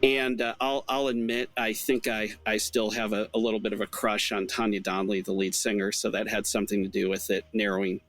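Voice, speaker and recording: Laid back guy on a podcast, kinda low voice, thinking out loud. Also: a little fast, few pauses. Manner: relaxed, easygoing, thinking aloud. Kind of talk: casual chat.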